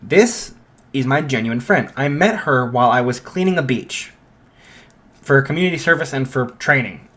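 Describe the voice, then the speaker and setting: A man's voice: medium pitch, lively intonation, normal speed, a bit bright. A man voicing a cocky teenage boy hero who teases his rival with playful insults, in a casual spoken fan story. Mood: teasing.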